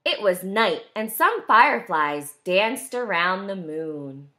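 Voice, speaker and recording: A woman teacher reading a picture book aloud to young children, asking them questions as she goes. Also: medium pitch. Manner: slow, expressive, asks children questions.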